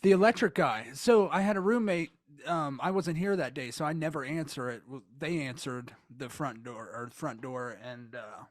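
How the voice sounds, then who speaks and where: A man's voice: a little high, normal speed, no echo, studio quality. A man in a casual podcast chat, rambling through a story, laughing and swearing. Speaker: podcast co-host.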